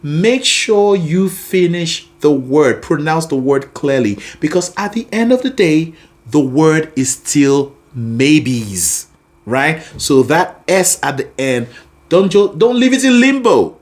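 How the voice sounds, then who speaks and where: Singing coach, animated and encouraging, slow unhurried delivery, voice rising and falling a lot. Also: medium pitch. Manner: animated, encouraging, sings example phrases. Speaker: singing teacher. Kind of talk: vocal lesson with sung demonstrations.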